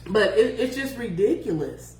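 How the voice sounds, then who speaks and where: Profane, animated woman telling a dating story. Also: on the high side, moderate pace. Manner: profane, animated, acts out both sides of the story. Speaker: podcast host. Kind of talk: casual storytelling to listeners. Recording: echoey room with faint hum.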